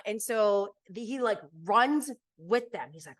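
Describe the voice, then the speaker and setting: A woman's voice: a little high, big pitch swings, brisk, few pauses, fairly bright tone. A woman hosting a podcast, chatting casually and animatedly about reality TV, laughing often and leaning on fillers. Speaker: podcast host. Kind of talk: casual chat recapping reality TV.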